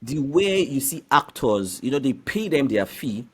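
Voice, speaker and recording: A man's voice: medium pitch, measured pace, slightly rough. A man, a voiceover artist, explaining his trade in a casual interview. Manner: explanatory, animated.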